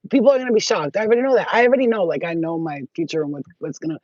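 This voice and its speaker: A woman's voice: lowish voice, rapid-fire, few pauses, a little mellow, no echo. A woman vlogger talking in a blunt, profane, rambling casual monologue. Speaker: spiritual vlogger. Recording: dull lo-fi audio.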